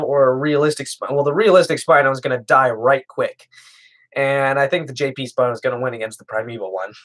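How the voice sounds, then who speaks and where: A man's voice: fairly high pitch, fairly bright tone. A young man streaming, answering chat questions in a casual, rambling way, hesitating often and chuckling. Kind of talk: casual livestream Q&A.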